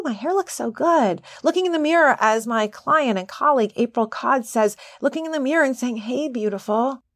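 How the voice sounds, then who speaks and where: A middle-aged woman hosting a podcast as a coach, talking in a chatty, animated way with laughing asides. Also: sits high, no echo, clean studio sound. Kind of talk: casual monologue.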